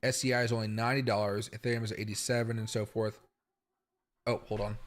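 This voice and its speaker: A man's voice: fairly low pitch, level tone, rapid-fire, slight background noise. Chatty man hosting a crypto livestream. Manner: chatty, rambling, talks straight to viewers. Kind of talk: casual livestream commentary. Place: home.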